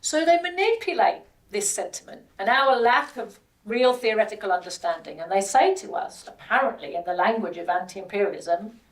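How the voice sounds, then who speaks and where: A woman's voice: medium pitch, animated, moderate pace, far from the mic, rough recording. A British woman speaking as the guest at an event, making her points with rhetorical questions and words repeated for stress. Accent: British English. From Britain. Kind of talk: public speech.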